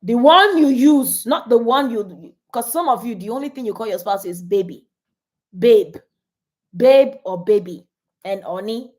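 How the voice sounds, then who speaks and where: Animated woman coaching live. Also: on the high side, a little slow. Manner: animated, laughs often, reads viewer comments aloud. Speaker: marriage coach. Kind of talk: live-stream coaching talk.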